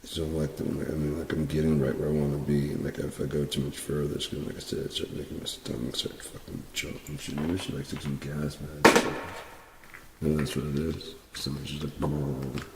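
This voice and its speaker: A man rambling and swearing in a casual monologue while high on cannabis. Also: monotone, a little fast, creaky. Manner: rambling, profane, drawling. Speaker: vlogger. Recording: echoey room, mic far off, faint hiss.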